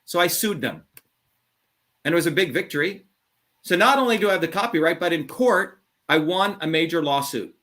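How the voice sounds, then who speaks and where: A man's voice: on the high side, expressive, a little fast, a bit bright. A middle-aged man hosting a call-in show, talking in a blunt, combative way, with swearing and heavy emphasis. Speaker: show host. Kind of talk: heated call-in monologue.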